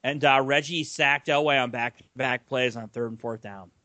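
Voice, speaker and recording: A man's voice: mid-range voice, normal speed, a little hiss or hum. A young man co-hosting a casual sports podcast, telling stories with laughter. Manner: animated storyteller, laughs while telling stories. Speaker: podcast co-host.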